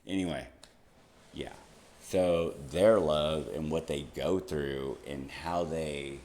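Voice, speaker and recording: Very deep-voiced man rambling casually. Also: slow, darkish tone. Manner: rambling, laughs often, swears casually. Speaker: vlogger.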